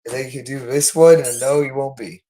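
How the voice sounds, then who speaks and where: Male livestreamer, unscripted solo monologue, insistent and repetitive, middle pitch. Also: fairly even intonation, a little fast, dark tone, slight background noise, low-quality recording.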